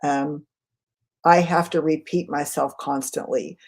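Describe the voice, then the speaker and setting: Fast-talking woman giving a webinar. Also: low voice, steady tone. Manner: quick, conversational, self-aware. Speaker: communication trainer. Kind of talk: live webinar talk answering chat questions.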